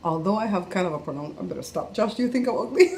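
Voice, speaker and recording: A middle-aged woman from Belize chats away in a relaxed home vlog. She talks freely and breaks into laughter often, with a voice pitched right in the middle for a woman. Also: fast, slight background noise. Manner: chatty, laughs often while talking. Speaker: family vlogger. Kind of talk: casual vlog chat.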